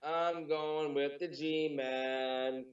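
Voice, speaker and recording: A man talks sports in a relaxed, joking way and often restarts his sentences. He sits far from the mic, so the room echoes around him. The sound is dull and lo-fi. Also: a little high, very slow. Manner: joking, relaxed, hesitant starts. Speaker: co-host. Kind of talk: casual sports talk. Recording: distant roomy lo-fi mic.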